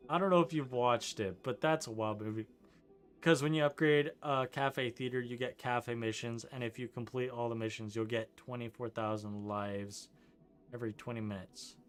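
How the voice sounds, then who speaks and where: A young Canadian streamer chats casually over gameplay, rambling as he answers chat with plenty of likes and ums and frequent chuckles. His voice is smooth and mid-range.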